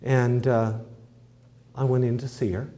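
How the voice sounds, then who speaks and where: Mellow-voiced man telling a folksy story. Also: medium pitch, flat delivery, a little slow. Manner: homespun, conversational, with fillers and "I says". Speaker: testimony speaker.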